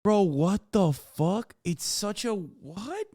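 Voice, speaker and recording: A man streaming a reaction, talking casually with profane, mocking asides and bursts of excitement. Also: high voice, slow pace, no echo, clean studio sound.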